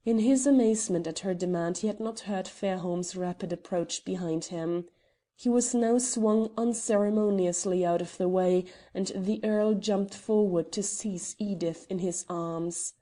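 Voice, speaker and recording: Mellow woman reading an audiobook. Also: mid-range voice, a little slow. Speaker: audiobook narrator. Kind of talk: audiobook narration.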